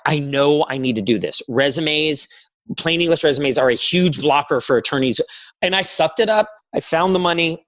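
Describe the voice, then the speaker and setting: A man's voice: a little high, a bit bright, dry recording, low-quality recording. A man in his forties, a podcast guest, talking earnestly and reflectively, telling stories and quoting his own inner voice. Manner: earnest, reflective storytelling with quoted self-talk. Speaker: podcast guest, career coach. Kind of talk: conversational interview.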